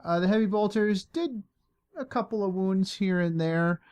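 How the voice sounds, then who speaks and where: A man hosting a podcast, recapping a tabletop game in a relaxed, halting way. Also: sits high, smooth. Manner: relaxed, halting, many fillers. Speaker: podcast host and player.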